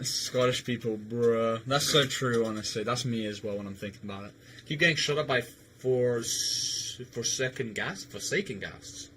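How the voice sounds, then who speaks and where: Bright-voiced streamer man. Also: mid-range voice, moderate pace, a little hiss or hum. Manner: rambling, swears, stammers, laughs easily. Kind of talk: casual livestream chat while gaming.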